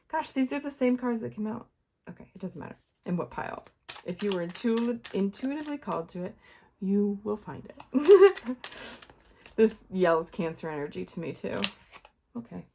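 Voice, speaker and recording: A woman's voice: on the low side, expressive, normal speed, a little mellow, a little hiss or hum. A young woman giving a casual tarot reading to her viewers, chatty and rambling, full of fillers and little laughs. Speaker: tarot reader.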